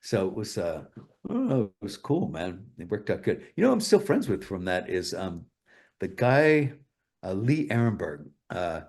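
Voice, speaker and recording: A man's voice: sits low, sing-song, normal speed, a little mellow. A male guest telling stories in a casual interview, rambling and swearing a lot. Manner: profane, rambling, full of fillers.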